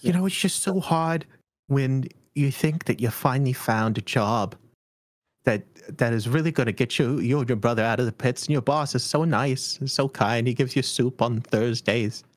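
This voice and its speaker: A man doing a clay-headed male servant in a tabletop game, frantic and weepy, his voice shooting up high and overwrought. The sound is dry and close, with no room to it. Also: normal speed, dry recording, close to an everyday voice. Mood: distraught. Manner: high-pitched, emotional, overwrought.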